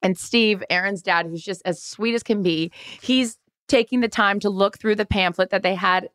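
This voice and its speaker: A woman's voice: mid-range voice, moderate pace, no echo, studio quality. A woman co-hosting a podcast in casual chat, telling stories and acting out the quotes. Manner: lively storyteller acting out quotes. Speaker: podcast co-host.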